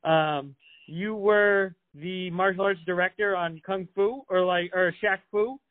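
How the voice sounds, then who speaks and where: A man in his thirties hosting a podcast in casual interview chat, enthusiastic and quick to laugh. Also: high voice. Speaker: podcast host. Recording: tinny phone-like line.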